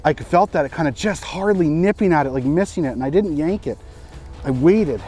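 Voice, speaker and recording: A man's voice: on the high side, expressive, fairly quick, dark tone, faint music behind. A man vlogging outdoors on a frozen lake, giving live fishing commentary with exclamations and repeated short phrases.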